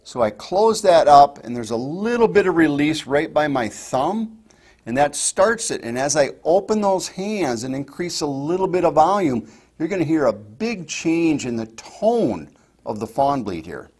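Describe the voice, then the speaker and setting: A man teaching hunters fawn calls, explaining each step in a relaxed instructional way. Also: on the high side, a little slow, breathy edge. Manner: explains step by step, demonstrates softly. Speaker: hunting call instructor. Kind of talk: instructional talk.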